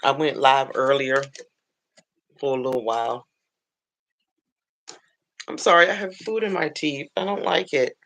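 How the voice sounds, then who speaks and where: A woman hosting a casual livestream on her phone, chatting warmly with viewers she calls baby and honey, greeting each one by name. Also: rumbling low, a little slow, pauses often. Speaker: livestream host.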